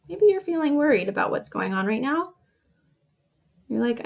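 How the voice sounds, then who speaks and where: Animated teacher woman acting out feelings. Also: sits high, moderate pace, creaky, long pauses. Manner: animated, acts out each feeling with gasps and shouts. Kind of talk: reading a picture book to young children.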